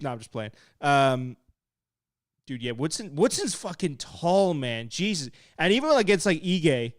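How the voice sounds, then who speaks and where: A young man casually commentating a live fight stream, excitable and swearing while he reads the chat. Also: fairly high pitch, unhurried, dry recording, studio quality. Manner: excitable and laid-back, swearing, laughing at chat. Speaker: fight watch-along streamer.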